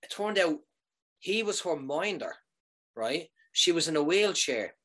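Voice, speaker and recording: A man telling a funny story in a loose, casual way. He keeps it animated and swears freely. He often pauses to ask "right?" to keep his listener with him. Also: on the high side.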